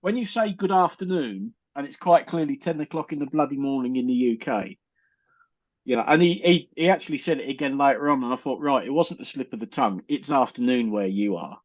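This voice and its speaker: A man's voice: medium pitch, fairly quick. A middle-aged man on a video call, telling stories and mocking someone in casual group banter. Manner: ranting, mocking, animated storytelling. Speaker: panelist on an online chat show. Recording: muffled lo-fi call audio.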